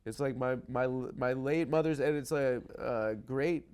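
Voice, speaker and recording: A man's voice: mid-range voice, a little slow, darkish tone, clean tone. A man hosting a comedy talk show, telling a rambling self-deprecating story and swearing freely. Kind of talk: casual comedic chat.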